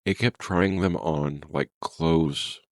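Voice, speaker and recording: A man voicing a frightened, injured woman in her thirties trapped in a cave, who speaks in halting, trembling, broken sentences while telling a horror story. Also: rumbling low, no echo, clean studio sound, heavily acted.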